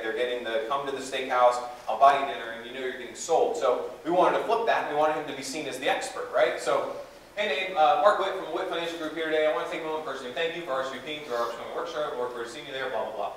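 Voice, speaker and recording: A man giving a live seminar talk to an audience in a conference room, energetic and conversational with plenty of fillers and asides. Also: mid-range voice. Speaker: guest speaker. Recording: echoey room from far off, faint hiss.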